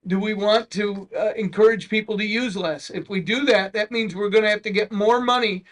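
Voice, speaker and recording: High-voiced mayor rambling at a meeting. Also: male voice, steady tone, fairly quick, fairly bright tone. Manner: rambling, many restarts, folksy asides. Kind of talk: public meeting remarks.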